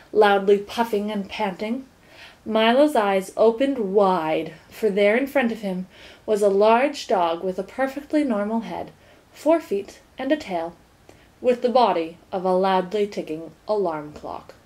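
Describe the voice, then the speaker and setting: Woman reading a storybook aloud. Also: medium pitch. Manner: measured, expressive reading aloud. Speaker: audiobook reader. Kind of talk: storybook narration.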